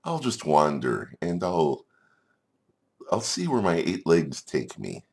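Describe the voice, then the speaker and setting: A man voicing a mischievous young female giant cave spider in a high, giddy voice. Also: wildly swooping pitch, slow pace, darkish tone, heavily acted. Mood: wondering.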